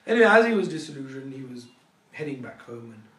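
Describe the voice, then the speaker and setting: A man's voice: medium pitch, big pitch swings, quick pace, a bit bright. A man giving a Quran lesson lecture, telling stories animatedly, often repeating himself and laughing. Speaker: Islamic scholar lecturer. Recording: echoey room, distant mic, faint noise.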